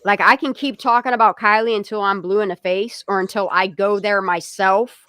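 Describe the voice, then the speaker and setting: A woman's voice: mid-range voice, fairly even intonation, moderate pace, a bit bright, clean tone, dry recording. A woman hosts a casual livestream with a dry, close sound. She speaks in a blunt, heated way and swears freely. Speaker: livestream host.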